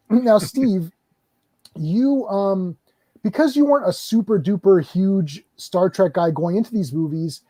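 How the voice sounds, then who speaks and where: A man's voice: high-pitched, unhurried, warm tone, no room sound. A man in a casual pop-culture chat, joking and sounding exasperated as he talks.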